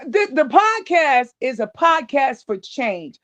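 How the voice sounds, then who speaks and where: A woman's voice: sits high, sing-song, slow pace, a bit bright. A woman in a podcast discussion, talking bluntly and repeating her points for emphasis. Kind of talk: casual discussion. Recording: dull lo-fi sound.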